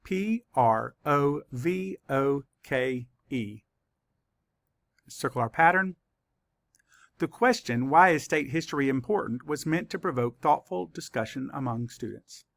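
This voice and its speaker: A man with a gravelly voice leads a children's spelling lesson. He speaks slowly and carefully and sounds out each letter. His voice is recorded dry and close, with no room echo. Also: medium pitch, expressive, a bit bright. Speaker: teacher.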